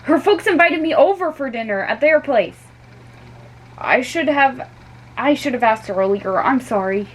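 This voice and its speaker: A woman's voice: high-pitched, expressive, a little slow, slight background noise, pitched above the performer's own voice, low-quality recording. Johnny: woman voicing a scheming storybook schoolboy, eager, a bit sneaky.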